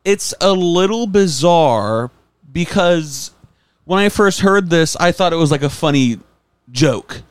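A man's voice: fairly high pitch, animated, takes it slowly, clear, resonant tone, dry recording. Man, podcast co-host, casual joking chat, dead dry sound.

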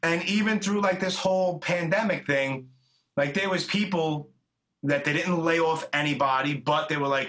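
A middle-aged podcast host with a bright, forceful voice pitched a little high. He rambles along in chummy, profane chat. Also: normal speed. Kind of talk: casual interview chat.

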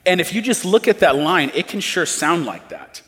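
A man preaching a sermon as pastor, earnest, rising to emphatic pleas and dropping low and quiet. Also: huge pitch swings, moderate pace, in a large hall.

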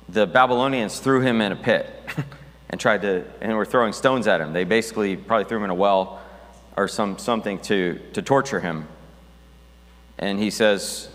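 A man's voice: on the low side, normal speed, fairly bright tone, big-room sound. A man preaching a sermon as pastor, talking conversationally with restarts and reading scripture aloud.

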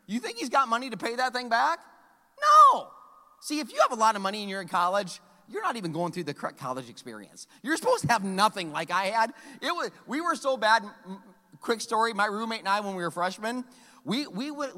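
A middle-aged male pastor preaches with animated storytelling, his voice high and swinging widely in pitch. The tone is bright and forward. A long hall reverb trails behind his words. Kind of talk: sermon.

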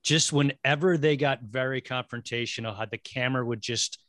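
Animated man on a dry close mic. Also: mid-range voice, moderate pace, dry recording. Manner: animated, laughs, mimics characters. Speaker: podcast host. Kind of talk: casual film discussion.

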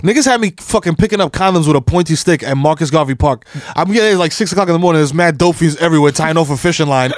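A man, co-hosting a podcast, throwing in quick profane reactions and stories. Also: on the high side, dry recording, clean studio sound. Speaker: podcast co-host. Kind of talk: casual comedic banter.

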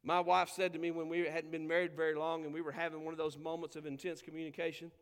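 A man preaching a sermon as pastor, with emphatic delivery, drawn-out scripture quotes and conversational asides to the congregation. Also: on the high side, flat delivery, clean tone, big-room sound. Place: church sanctuary.

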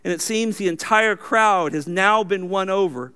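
High-voiced man preaching with emphatic swings. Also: moderate pace, sharp tone, clear, resonant tone. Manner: preaching with emphatic swings, reading scripture aloud. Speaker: pastor. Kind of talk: sermon.

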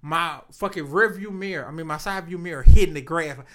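A man telling loud, profane party stories in a casual group chat, often laughing. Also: on the high side, wildly swooping pitch, a little fast, a little hiss or hum.

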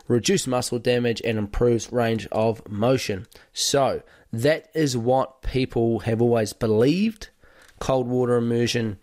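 A male podcast host talks listeners through training ideas in an easy, conversational way, listing points and pausing on the odd filler. His voice sits in a middle register. The recording is close and dry, with no room sound. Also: mid-range voice, dry recording. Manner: conversational, explains with lists and fillers. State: recovering from a cold. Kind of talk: podcast monologue.

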